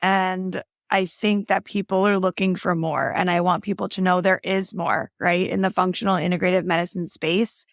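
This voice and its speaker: A woman's voice: lowish voice, fairly even intonation, normal speed, gravelly, few pauses, dry recording, studio quality. A woman being interviewed as a functional health practitioner, telling her story in an earnest, chatty way with lots of "like" and "right?". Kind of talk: casual interview talk.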